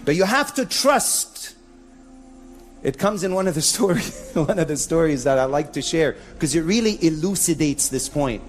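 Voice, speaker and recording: A man preaching a lively live sermon to an audience, mixing Arabic phrases into English, in a venue with a sound system. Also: fairly high pitch, normal speed, soft background music. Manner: animated, mixes in Arabic phrases.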